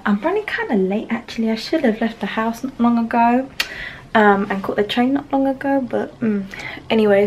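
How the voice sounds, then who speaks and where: A young woman, chatting excitedly in a casual vlog on a handheld camera. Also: medium pitch, poor audio. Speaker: vlogger. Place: busy convention hall and city streets. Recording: loud crowd and street noise.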